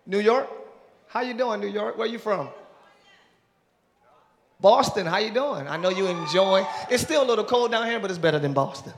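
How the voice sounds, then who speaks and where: A man's voice: high voice, lively intonation, moderate pace, pauses often. A male pastor talking playfully with his congregation during a live church service, joking and welcoming visitors. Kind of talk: live sermon crowd work. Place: large church auditorium. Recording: live church hall with crowd noise.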